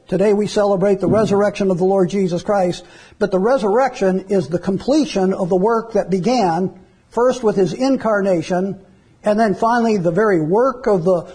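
A man's voice: sits high, dark tone, breathy edge. A man preaching an Easter sermon as pastor, reading scripture verses and explaining them in an earnest preaching manner.

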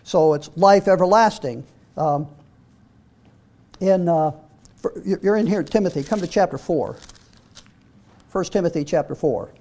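High-voiced man preaching a sermon. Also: a little slow, pauses often, mellow. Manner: repeats words when restarting, reads scripture aloud.

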